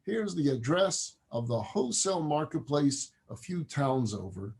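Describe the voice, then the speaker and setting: A man's voice: fairly high pitch, animated, moderate pace, creaky. A man voicing an exasperated, successful businessman father who lectures his son. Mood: instructive. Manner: instructive, then yelling at his son.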